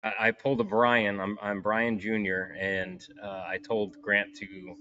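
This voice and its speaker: Give me a laid-back low-voiced man on a lo-fi call. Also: level tone, a little slow, pushed and bright. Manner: laid-back, laughs easily. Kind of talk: casual chat. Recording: dull lo-fi webinar audio.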